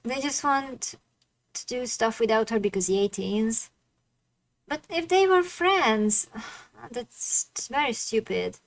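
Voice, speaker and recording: Woman, game streamer, casual commentary, blunt, swears a lot, slightly high voice. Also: expressive, slow pace, rough recording. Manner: blunt, swears often, indignant. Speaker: streamer playing a dating sim.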